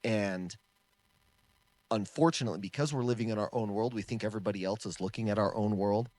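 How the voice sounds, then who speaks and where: A man co-hosting a casual podcast, an animated storyteller who laughs often and trails off and restarts. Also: on the low side, a little fast, no echo. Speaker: podcast co-host, martial arts instructor.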